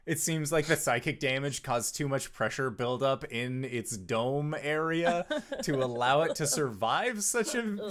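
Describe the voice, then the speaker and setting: Slow-talking man running a tabletop game. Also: mid-range voice, fairly bright tone. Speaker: game master.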